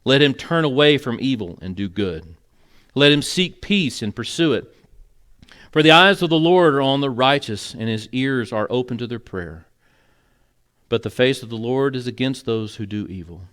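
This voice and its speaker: A man's voice: mid-range voice, animated, moderate pace, fairly bright tone. A male pastor preaching an earnest, conversational sermon in a church, with moments of emotion. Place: church sanctuary.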